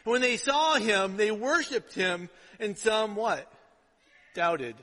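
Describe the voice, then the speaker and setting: Pastor guy preaching, high bright voice, keeps going "right?" at the crowd, big echoey hall. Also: lively intonation, slow pace. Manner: chatty, keeps asking the congregation "right?". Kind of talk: sermon. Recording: long hall reverb.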